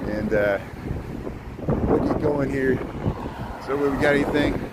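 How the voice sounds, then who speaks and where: This city-biking vlogger takes it slowly, his medium-pitched voice narrating a casual live stream. Between thanking viewers he drops nervous asides, and wind, traffic and urban noise come through his street mic.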